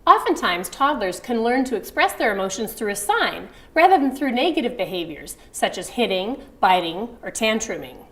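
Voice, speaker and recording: A woman's voice: a little high, big pitch swings, normal speed, hardly any pauses, pushed and bright. A middle-aged woman teaching baby sign language in a friendly online video lesson, acting out parent phrases with a sweet sing-song emphasis.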